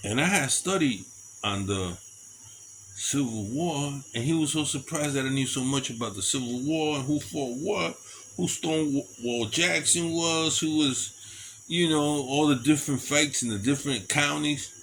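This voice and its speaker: A middle-aged man telling stories in a casual monologue, animated and chuckling often between them. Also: a little high, measured pace, a little hiss or hum, rough recording. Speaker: storyteller.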